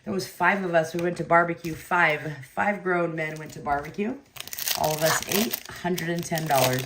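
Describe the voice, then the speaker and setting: A woman hosting a card break, chatting casually and rambling between pulls, with excited outbursts. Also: low-pitched, moderate pace, slight background noise. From California. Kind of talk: casual live-stream chat while opening cards.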